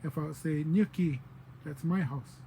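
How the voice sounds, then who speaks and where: A man's voice: a little high, steady tone, a little slow, warm tone, slight background noise, poor audio. A man teaching words of his native language in a loose, digressive way, with many fillers and playful quoted voices. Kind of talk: informal spoken language lesson.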